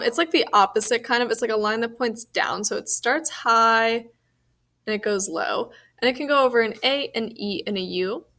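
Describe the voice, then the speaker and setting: A woman's voice: fairly high pitch, a bit bright. A young woman, a French teacher, talking her class through a recorded slideshow lesson in a casual way, with frequent ums and patient explanations.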